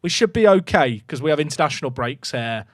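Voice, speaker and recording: A young man streaming a football management game, talking to his chat in an excitable, jokey way that swings from loud cheering to muttered asides. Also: fairly high pitch, brisk, dry recording, clean studio sound. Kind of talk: live gameplay commentary to chat.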